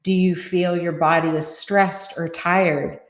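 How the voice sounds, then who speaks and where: A woman co-hosting a podcast, channeling spirit guidance in a calm, measured, deliberate way. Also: fairly low pitch, echoey room.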